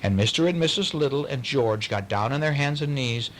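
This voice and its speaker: A man reading a bedtime story aloud to a child, pausing to ask questions in a playful way. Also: medium pitch, lively intonation, slight background noise, low-quality recording.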